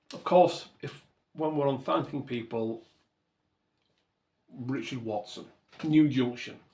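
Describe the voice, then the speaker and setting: A man's voice: mid-range voice, slow pace, long pauses, darkish tone. Earnest man giving thanks. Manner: earnest and thankful, rambling with lots of self-corrections. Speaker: model railway channel host. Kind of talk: reflective to-camera vlog talk.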